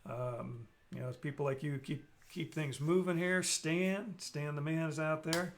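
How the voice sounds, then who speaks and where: A man's voice: fairly high pitch, a little slow, hardly any pauses, a little hiss or hum. A man hosting a casual live stream, rambling and joking while he reads out viewer comments.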